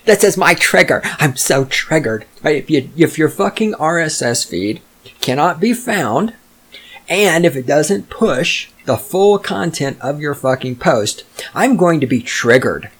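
A man's voice: on the high side, expressive, unhurried, slightly rough. A man hosting a solo podcast, ranting in a profane, sarcastic way. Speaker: podcast host. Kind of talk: solo rant monologue.

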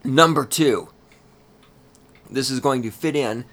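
Profane ranting man hosting a podcast. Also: slow pace. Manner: profane, ranting, heavy swearing; loud and heated, then lower and grumbling. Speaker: podcast host. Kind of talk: solo podcast rant.

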